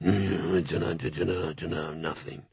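A man's voice: rumbling low, steady tone, moderate pace, gravelly, a little mellow, husky, no room sound, pitched below the performer's own voice, exaggerated voice. A man voicing a soggy, shifty male gnoll scavenger that mumbles evasively with a bubbling, snuffling voice.

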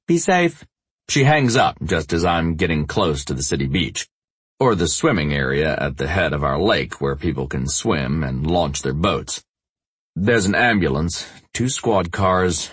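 A man's voice: very deep voice, fairly bright tone, slightly rough, dry recording. A man narrating a first-person romance novel as an audiobook, lifting his voice to play the other characters.

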